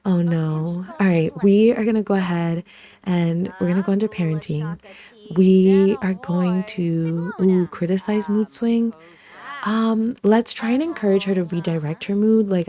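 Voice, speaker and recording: A woman's voice: medium pitch, steady tone, measured pace, warm tone. A woman giving chatty, filler-heavy commentary while playing a life-sim game. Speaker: gaming video creator. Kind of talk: casual life-sim let's-play commentary.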